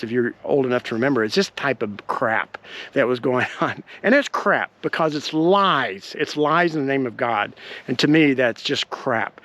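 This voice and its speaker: A man hosting his own show, telling a personal story in an animated, indignant way with many fillers, recorded on a handheld camera. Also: mid-range voice, dry recording. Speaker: podcast host.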